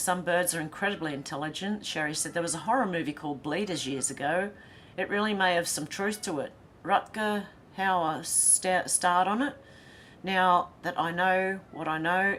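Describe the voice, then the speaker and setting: A woman's voice: lowish voice, a bit bright, a little hiss or hum. Giggly Australian woman reading live chat. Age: middle-aged. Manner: reads viewer comments aloud, giggly, chatty asides. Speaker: livestream host. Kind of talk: casual livestream chat reading.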